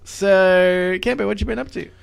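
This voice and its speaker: A man's voice: high-pitched, steady tone, normal speed, vocal fry, clear, resonant tone. A young man co-hosting a podcast, chatting casually, laughing often and trailing off mid-sentence. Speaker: podcast co-host. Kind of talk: casual chat.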